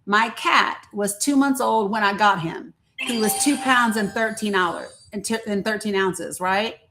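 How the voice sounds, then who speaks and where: A woman's voice: mid-range voice, measured pace, pushed and bright, slight background noise. A woman, a grandmother, chatting candidly and bluntly on her own live stream, sprinkling in folksy country sayings. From rural American South. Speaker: livestream host. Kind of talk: casual live-stream chat.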